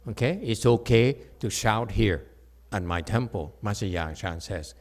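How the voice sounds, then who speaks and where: A man's voice: on the low side, unhurried. A man giving a Chan meditation Dharma talk, checking in with frequent "okay?" tags and restarting phrases, his voice jumping up when he makes a point. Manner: animated, voice jumps up when emphatic.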